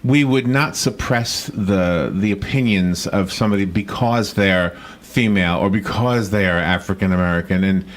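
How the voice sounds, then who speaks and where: A man hosting a radio interview, halting and folksy, often correcting himself. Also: low voice. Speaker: radio host.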